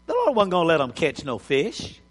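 A preacher tells a Bible story with a high-pitched voice that leaps up and down, acting out the scenes. His sermon rings out in a big hall with a long reverb. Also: wildly swooping pitch, fairly quick, breathy edge. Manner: storytelling, acts out scenes, chuckles. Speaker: pastor.

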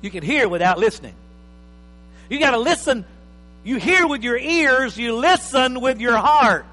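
A man preaching a sermon as pastor, emphatic, swinging between loud and soft. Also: very high voice, lively intonation, normal speed. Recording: reverberant hall with faint mains hum.

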